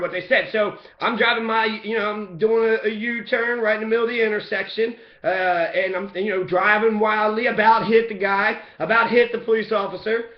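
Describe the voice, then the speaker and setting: A man giving impassioned personal testimony, talking in a profane, rambling way and growing loud and heated. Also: sits high. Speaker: person recounting a police beating. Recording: echoey, dull room recording.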